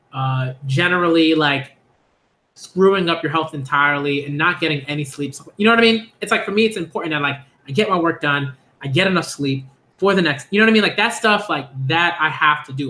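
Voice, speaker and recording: A man casually rambling on a manga reaction stream, full of fillers and repeats, breaking into high laughing bursts. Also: pushed and bright, echoey room.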